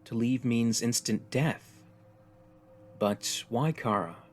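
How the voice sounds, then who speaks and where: A man's voice: medium pitch, takes it slowly, a little hiss or hum, close to an everyday voice. A man voicing a tough, jaded young woman stranded on an alien world, speaking bluntly and wearily. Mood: explaining. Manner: blunt, weary, resigned.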